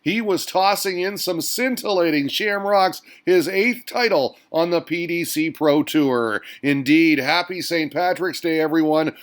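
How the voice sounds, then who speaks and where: A man's voice: on the high side, measured pace, hardly any pauses. A man hosting a darts recap show, narrating a scripted sports roundup in an upbeat, playful way with punchy exclamations.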